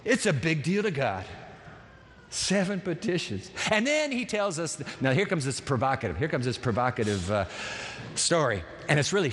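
A male pastor preaching through a Bible passage, telling it as a lively story with asides to the congregation. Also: on the high side, normal speed, a little hiss or hum. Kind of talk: sermon. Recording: long hall reverb.

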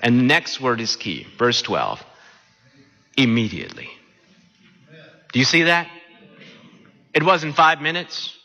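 A man preaching a sermon, animated and often asking his listeners questions. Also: medium pitch, slow pace, pauses often, lo-fi sound. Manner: animated, asks the congregation questions. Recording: long hall reverb.

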